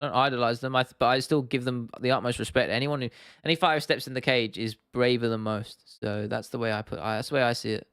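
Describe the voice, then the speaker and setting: A man's voice: mid-range voice, steady tone, fast, fairly bright tone, clean tone, no echo, clean studio sound. A young man from England hosting a casual livestream, reading out chat comments and rambling with frequent restarts and laughs. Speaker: livestream host.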